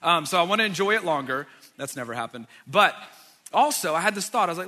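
Pastor, man, 30s, bright and slightly high, ribbing the audience mid-sermon; reverberant hall. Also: lively intonation, fast. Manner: joking asides to the audience. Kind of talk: sermon storytelling. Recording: long reverb of a large hall.

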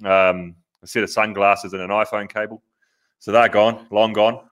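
A man's voice: on the low side, flat delivery, moderate pace, a bit bright. A man with an Australian accent co-hosting a casual podcast, recounting his day in a blunt, matter-of-fact way. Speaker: podcast co-host. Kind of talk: casual chat.

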